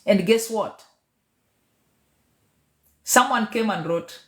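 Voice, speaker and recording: A woman who is a teacher, public speaker and MC talks passionately to her followers, emphatic and preacher-like, moving between loud and quiet. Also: sits high, sing-song, a little slow. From Kenya. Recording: echoey room.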